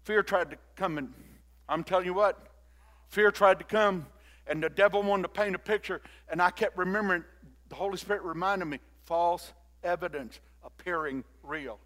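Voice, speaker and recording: An older man preaching a sermon and leading the congregation in call-and-response, moving between quiet talk and loud exhortation. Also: high-pitched, moderate pace. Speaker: pastor.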